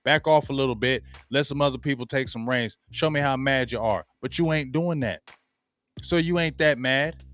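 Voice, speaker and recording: A man's voice: mid-range voice, moderate pace, fairly bright tone, no room sound. A man hosting a sports talk show, giving blunt, slangy opinions and repeating points for emphasis.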